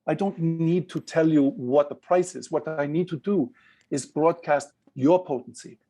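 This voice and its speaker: A man's voice: on the high side, mellow, voice pushed up. A man doing a formal Swiss art director. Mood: lecturing. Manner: formal, measured, lecturing.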